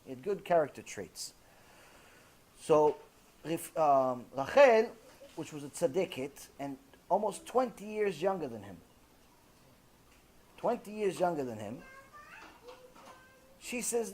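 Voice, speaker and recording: A rabbi lecturing with a high-pitched voice. He tells his story in an animated, lively way and acts out each exchange of dialogue. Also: takes it slowly, long pauses, a little hiss or hum.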